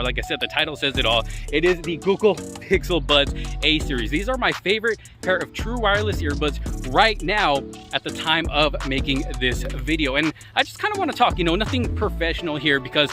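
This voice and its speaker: A man's voice: on the high side, lively intonation, brisk, music in the background. A man chatting casually about earbuds while walking outdoors, recorded on a phone he carries, talking loosely with lots of fillers. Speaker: tech vlogger. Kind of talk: casual walk-and-talk review. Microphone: phone he carries with him.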